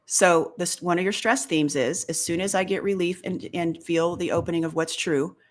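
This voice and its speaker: A middle-aged woman hosting a coaching show, talking a caller through his fears in a lively, hands-on way. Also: on the low side, moderate pace. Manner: animated, acts out inner voices. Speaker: fear coach and host. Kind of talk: live coaching session.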